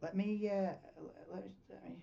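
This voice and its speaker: A man hosting a live stream, chatting casually in a rambling, excitable way and swearing freely. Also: sits high, a little fast, creaky. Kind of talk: casual live watchalong chat. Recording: dull lo-fi mic, tinny.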